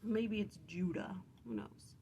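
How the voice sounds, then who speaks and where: A woman's voice: mid-range voice, takes it slowly, dark tone, a little hiss or hum. A woman leading a casual early-morning scripture study, chatty and self-correcting as she retells the story. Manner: chatty, self-correcting, acts out quotes playfully.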